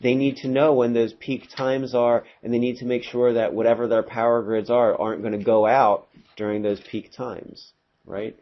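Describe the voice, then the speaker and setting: A man's voice: medium pitch, little pitch movement, normal speed. Guy teaching math to a class, rambly and chatty, lots of ums, kinda dull lo-fi classroom audio. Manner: chatty, rambling, full of fillers and asides to students. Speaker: high school math teacher. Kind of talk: casual classroom lecture.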